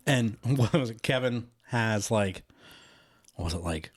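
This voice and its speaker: Man, podcast co-host, low voice, rambling, dry close sound. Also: animated, unhurried, breathy edge, no echo. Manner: rambling, full of "you know" and "like". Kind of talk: casual chat, retelling a film.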